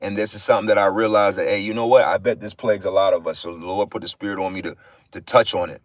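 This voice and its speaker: A man's voice: fairly low pitch, steady tone, fast talker, dry recording. A man giving an informal livestream sermon, blunt and profane, repeating phrases for emphasis. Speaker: livestream preacher.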